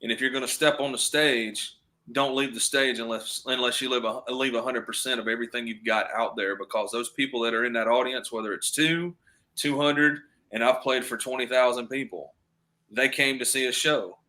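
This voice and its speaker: A man's voice: medium pitch, normal speed, sharp tone. A man, a guest chatting casually on a podcast and telling stories with acted-out quotes. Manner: storytelling, acts out quoted voices, drawling repeats.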